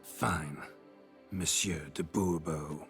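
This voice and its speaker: A gruff, weary monster hunter who speaks bluntly and with dry terseness. His voice sits very low, with faint music under the game dialogue. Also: fairly even intonation, drawn-out words, fairly bright tone, exaggerated voice. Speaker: game protagonist.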